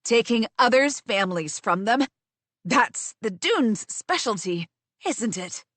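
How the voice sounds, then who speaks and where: A woman voicing a grieving, vengeful young woman who speaks low, hushed and cutting, in an audiobook. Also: animated, slow, dry recording. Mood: contemptuous. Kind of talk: audiobook character voice.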